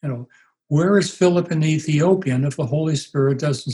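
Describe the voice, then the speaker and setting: A man in his eighties, a pastor being interviewed, telling stories in an unhurried, reflective way. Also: a little high, warm tone, poor audio. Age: 80s. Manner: unhurried, anecdotal, puts on voices for quoted people. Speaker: guest, pastor.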